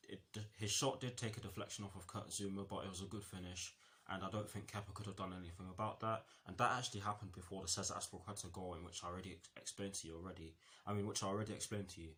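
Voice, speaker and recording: A man with a deep, fairly bright voice gives a casual review of a football match, with slight background noise. He rambles, using lots of fillers, false starts and self-corrections.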